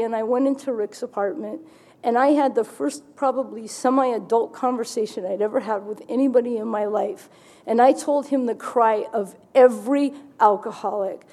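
A woman's voice: fairly high pitch, mellow. A woman giving a candid personal testimony at a recovery meeting, telling her story vividly with wry humor.

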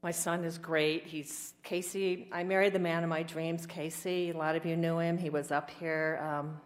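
Telling her recovery story at a meeting, this woman speaks at a normal speed in a low voice with little pitch movement. Her storytelling rambles and turns emotional as she acts out what others said to her.

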